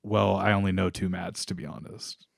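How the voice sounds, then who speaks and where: A man with a somewhat low voice chats on a podcast, rambling with fillers and cracking jokes. He laughs a lot. The sound is close and dry, with no room echo. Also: flat delivery, normal speed, gravelly. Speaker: podcast co-host. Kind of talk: casual chat.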